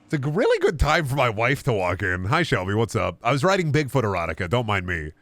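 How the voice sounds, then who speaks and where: A man's voice: medium pitch, wildly swooping pitch, quick pace, fairly bright tone, no echo. Rambling jokey male streamer. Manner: rambling, jokey, riffs on absurd bits. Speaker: game streamer. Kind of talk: casual comedic stream chat.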